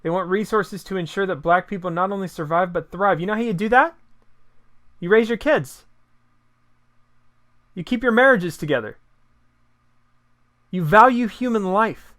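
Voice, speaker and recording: A man gives a combative opinion monologue, firing off one sarcastic rhetorical question after another. His voice sits high and sounds bright and forceful. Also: moderate pace, pauses often. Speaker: political commentator.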